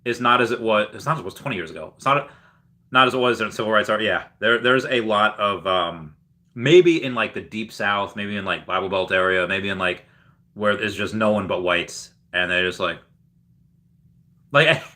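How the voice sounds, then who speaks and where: A man's voice: lowish voice, pushed and bright. A young man hosting a casual livestream, rambling as he reads viewer comments aloud and mimics people he quotes. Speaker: livestream host.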